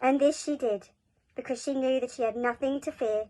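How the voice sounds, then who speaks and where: A woman reads a children's story aloud in a gentle, expressive way. Her voice sits a little high. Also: moderate pace, low-quality recording. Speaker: school reader.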